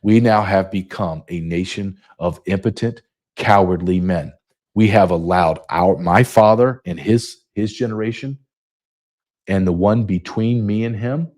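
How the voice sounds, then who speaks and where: Deep, dark-voiced man in his fifties. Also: measured pace. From United States. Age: 50s. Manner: emphatic, repetitive. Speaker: podcast host. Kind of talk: monologue.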